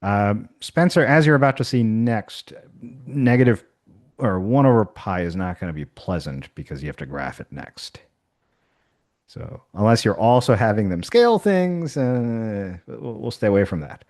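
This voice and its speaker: Man, low-pitched, math instructor, casual workshop demo, thinking aloud, fillers and restarts. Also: lively intonation, moderate pace, darkish tone. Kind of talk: workshop software demonstration.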